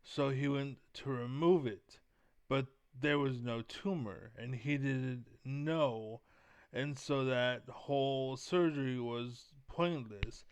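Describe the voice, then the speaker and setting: A man's voice: medium pitch, slow pace, clear, resonant tone, dry recording. A young man vlogging in a heated, profane, rambling rant full of fillers. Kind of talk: casual rant to camera.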